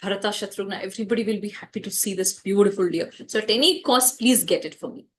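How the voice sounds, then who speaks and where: A woman voicing a gentle young princess, telling the tale to children. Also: medium pitch, fast talker, slight background noise, natural voice. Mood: pleading. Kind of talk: storytelling to children.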